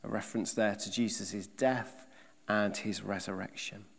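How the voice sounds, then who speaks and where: A man preaching a sermon, emphatic, with rhetorical questions and swings between loud and soft delivery. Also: fairly low pitch, fairly even intonation, normal speed, creaky, breathy edge, in a large hall.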